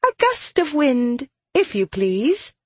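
A narrator voicing a gleeful, childlike young woman who captains a living tree ship, in a much higher, giggly voice for an audiobook. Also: huge pitch swings, slow, no room sound, heavily acted. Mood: playful. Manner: high, giggly, maniacal laughter.

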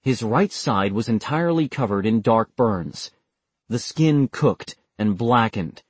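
A male narrator reading an audiobook in a steady, measured voice. His mid-pitched voice has a husky, breathy grain. The recording is dry and close, with no room sound. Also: no room sound.

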